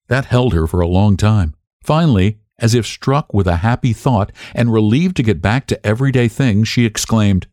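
A man narrating a short story as an audiobook in a measured, expressive way. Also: on the low side, dry recording, clean studio sound.

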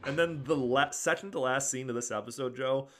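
A man's voice: mid-range voice, fairly quick, slight background noise. A man hosting a podcast in casual chat, chatty and opinionated. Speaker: podcast host.

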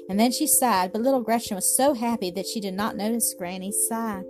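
A woman's voice: mid-range voice, normal speed, few pauses. Woman narrating a children's story. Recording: music playing behind.

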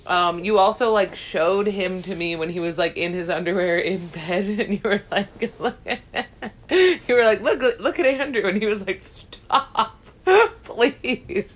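A young woman in casual chat, telling a story in an animated way and laughing often. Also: medium pitch, moderate pace.

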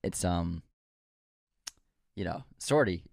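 A man's voice: sits low, lively intonation, takes it slowly, gravelly, darkish tone, no echo. Joking male podcast co-host, dry mic. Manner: joking, reads sponsor spots. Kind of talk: casual chat with ad read.

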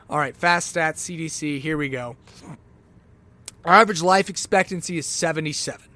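A man's voice: fairly high pitch, fairly bright tone. A man hosting a podcast alone, giving a sarcastic, rambling rant in casual commentary. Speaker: podcast host.

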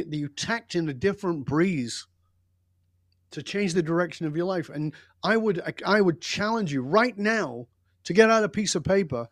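An older man speaking as an interview guest, his voice sitting a touch higher than most men's. He tells his story with blunt, emphatic intensity and a hint of profanity, in a dry, close recording with no room sound. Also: dry recording. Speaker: podcast guest.

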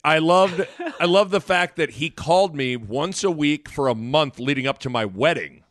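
A man's voice: a little high, normal speed, no echo, studio quality. A man in his thirties, co-hosting a podcast, telling stories casually and laughing often. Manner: animated, laughs often, acts out voices. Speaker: podcast co-host. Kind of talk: casual storytelling chat.

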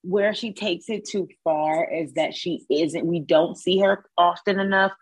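A woman guesting on a podcast chats casually, blunt and sassy, often quoting people in mock voices. Her lowish voice is slightly rough and measured in pace, and the audio quality is poor.

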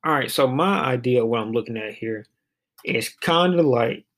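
A man's voice: mid-range voice, lively intonation, normal speed, a bit bright. A man giving a casual, rambling commentary on poems, full of fillers and restarts. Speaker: poetry reading vlogger.

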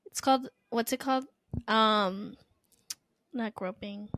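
A woman's voice: fairly high pitch, slow pace, a bit bright, no room sound, clean studio sound. Blunt, joking woman podcast host. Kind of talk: casual chat.

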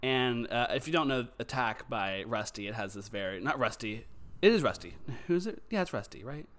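A man's voice: mid-range voice, expressive, brisk, a bit bright. Campy young man co-hosting a podcast. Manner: playful, laughs often, campy banter. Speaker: podcast co-host. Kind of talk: casual chat.

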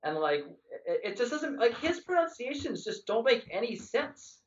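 A man with a high voice chats excitably as a podcast guest. He rambles, restarts and trails off mid-thought. The sound is dull and lo-fi. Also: moderate pace. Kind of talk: casual podcast chat.

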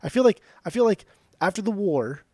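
A man's voice: high-pitched, animated, a little fast, warm tone, dry recording, studio quality. A man co-hosting a podcast, chatting casually about music with lots of "dude" and "like", loose and swearing. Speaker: podcast co-host.

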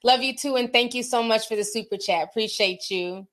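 Going through viewer super chats on a casual livestream, this woman speaks briskly in a fairly high, slightly bright voice. She's open and chatty, laughs a lot and tosses in slang.

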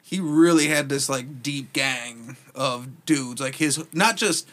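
A man's voice: medium pitch, slow, a bit bright. A man co-hosting a casual podcast chat, rambling, laughing often and swearing a lot. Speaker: podcast co-host.

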